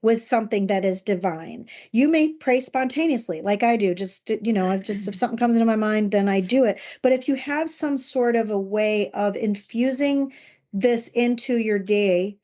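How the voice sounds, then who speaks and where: A middle-aged woman co-hosting a podcast, talking in an earnest, personal, reflective way and slowing down to stress key words. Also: medium pitch, warm tone. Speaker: podcast co-host. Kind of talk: casual podcast discussion.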